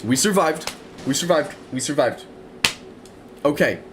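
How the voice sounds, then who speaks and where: A young man commentating his own video game run, excitable and prone to repeating words in rapid bursts. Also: a little high, background noise. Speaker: gaming streamer. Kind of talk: let's play commentary.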